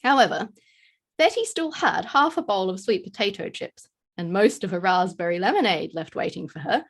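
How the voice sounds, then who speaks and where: A woman reads a story in a storyteller's voice. Her pitch rises and falls in a lively way, and she gives quoted lines small shifts of voice. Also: moderate pace. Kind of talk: scripted narration.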